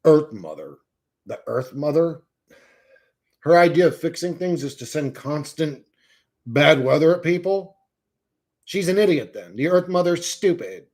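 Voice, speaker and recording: He has a fairly high, expressive and slightly mellow voice, with a measured pace and long pauses. As a livestream host, he delivers a heated, profane, mocking rant to his viewers and talks with the chat.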